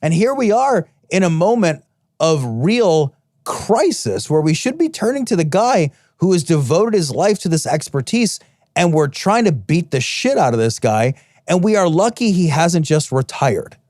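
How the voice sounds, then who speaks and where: Profane, animated male podcast host. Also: fairly high pitch, moderate pace, dry recording, studio quality. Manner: profane, emphatic, riffing. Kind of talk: casual podcast chat.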